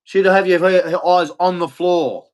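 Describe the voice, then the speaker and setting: Angry Australian man ranting, fairly high voice. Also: measured pace. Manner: bitter, profane, repeats himself. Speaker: vlogger.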